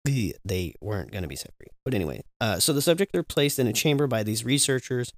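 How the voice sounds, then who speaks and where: A man's voice: medium pitch, animated, fast, dry recording. A man co-hosting a podcast, chatting loosely with a friend, rambling, joking and swearing freely. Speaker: podcast co-host. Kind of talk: casual podcast chat.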